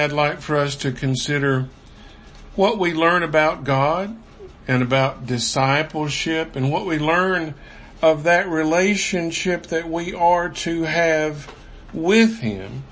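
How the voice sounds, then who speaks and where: A man preaching a Sunday sermon, reading scripture in a slow, measured way. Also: fairly high pitch, a bit bright.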